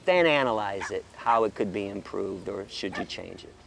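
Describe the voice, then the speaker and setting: A middle-aged American man with a rough, gravelly voice. He talks casually, swears freely, and acts out other people's lines as he tells his stories. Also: lowish voice, normal speed, slight background noise. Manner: animated, profane, acts out quotes. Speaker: interview guest, animal rights activist. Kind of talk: casual storytelling interview.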